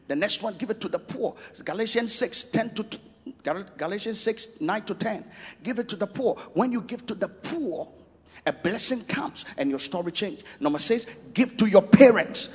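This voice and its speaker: A man preaching a sermon, emphatic and repetitive, shouting out scripture and lists of points. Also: high voice, lively intonation, moderate pace, slightly rough. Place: church. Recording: long reverb of a church hall.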